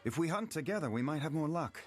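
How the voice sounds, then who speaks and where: An actor voicing a wounded, earnest young elf hunter in a video game, speaking in a formal, determined way. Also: male voice, fairly high pitch, lively intonation, fast, husky, soft background music. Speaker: game character.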